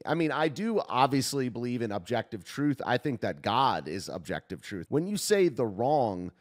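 A man's voice: medium pitch, a little mellow. Man musing aloud in commentary. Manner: thinking aloud, tentative and searching. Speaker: video host reacting to a clip. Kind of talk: off-the-cuff commentary.

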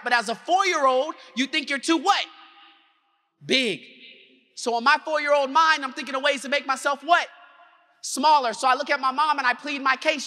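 An extremely high-pitched man with a pushed, bright voice gives a motivational keynote, dramatizing his personal story. He gets the crowd calling back to him, and the big conference hall echoes around him.

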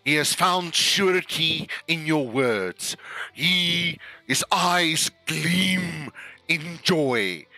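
A man with a South African accent running a tabletop game, his voice bright and ringing and his pitch leaping all over as he stammers and restarts mid-thought. Music plays quietly behind him. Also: very slow, dry recording. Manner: rambling, stammering restarts, lively. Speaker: game master.

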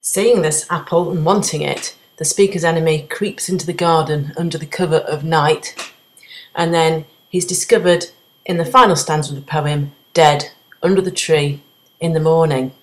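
A woman gives a revision lesson on a poem, laying out each point in clear, methodical steps. Her voice sits low, and the room around her is echoey. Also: steady tone, normal speed. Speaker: English literature teacher.

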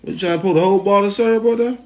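A man's voice: high-pitched, racing, darkish tone, a little hiss or hum. A man, teasing a family member in casual vlog banter. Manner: teasing, drawling Southern slang.

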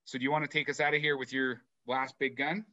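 Bright, slightly high male podcast co-host, playful and profane, dry close recording. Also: fast talker, dry recording, muffled recording. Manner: animated, swearing, playful. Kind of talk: casual chat.

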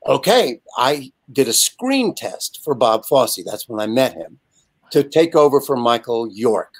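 A man in his seventies, a guest telling a lively, animated anecdote over a video call. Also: mid-range voice, a little slow, husky. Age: 70s. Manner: lively, animated storyteller with frequent asides. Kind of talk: casual anecdote storytelling.

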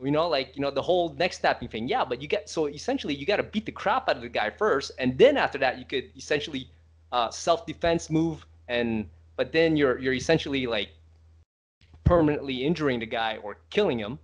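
A man's voice: medium pitch, expressive, a little fast, slightly rough. A man talking as a podcast guest about fighting, hesitant and full of fillers and restarts. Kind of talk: casual podcast conversation.

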